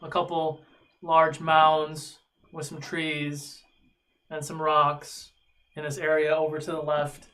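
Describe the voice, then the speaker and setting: A man narrating a tabletop game as game master, pausing often with ums and uhs. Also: on the high side, monotone, a bit bright, poor audio. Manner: halting, many ums and uhs.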